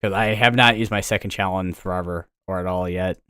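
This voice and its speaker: A fast-talking young American hosts a casual weather stream from his green-screen room, his low voice steady, pushed, and bright, with a clear, resonant tone. He rambles in a chatty way and keeps correcting himself.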